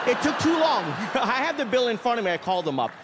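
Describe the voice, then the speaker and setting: A man doing an energetic stand-up routine on a comedy club stage, laughing through his punchlines. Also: very high-pitched, a little fast. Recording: live club audio, loud crowd and noise. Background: loud laughing crowd.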